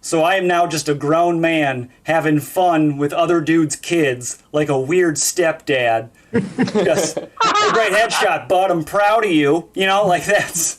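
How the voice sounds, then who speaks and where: A man's voice: on the high side, a little slow, hardly any pauses, slight background noise. A man doing an easygoing stand-up set over a video call on a gaming headset, chuckling through his jokes. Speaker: stand-up comic.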